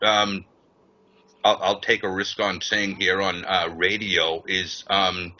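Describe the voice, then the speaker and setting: Bright, chatty man on a radio call. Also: deep voice, flat delivery, slight background noise. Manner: chatty, halting with many fillers. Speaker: guest. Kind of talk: radio interview talk. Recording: dull lo-fi call audio.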